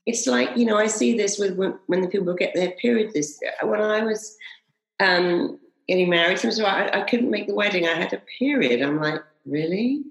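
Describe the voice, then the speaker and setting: A woman's voice: mid-range voice, moderate pace, roomy sound, rough recording. A woman who trains hypnotherapists, telling stories emphatically in an interview and acting out inner voices. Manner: emphatic, acts out inner voices, repeats slogans. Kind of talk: animated interview storytelling.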